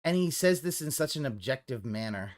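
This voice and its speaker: A man's voice: medium pitch, fairly quick. A man streaming live and commenting casually, rambling and swearing as he reacts to a clip. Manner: rambling, profane, animated.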